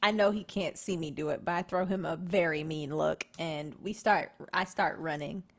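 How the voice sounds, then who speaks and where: A woman player in a tabletop game, narrating her character's actions in the first person, brisk and decisive. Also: low voice, creaky.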